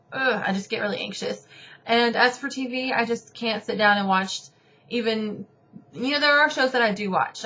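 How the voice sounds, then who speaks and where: A woman's voice: medium pitch, a bit bright, dull audio, slight background noise. A woman book vlogger chatting casually to camera, rambling and poking fun at herself. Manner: chatty, rambling, self-deprecating.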